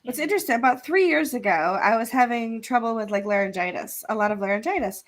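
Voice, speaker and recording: A woman's voice: on the high side, fast. A woman hosting a live online event, chatting casually and thanking sponsors, speaking from a remote video call. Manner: chatty, laughs often, sponsor thank-yous. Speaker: event host. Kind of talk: casual live-stream chat.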